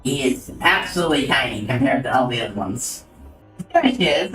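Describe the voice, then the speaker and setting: A man's voice: fairly high pitch, animated, a little fast, a bit bright. A man streaming a game, commenting casually in a rambling, swearing way that keeps cutting itself off. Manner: rambling, swearing, self-interrupting. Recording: roomy, distant mic, faint music.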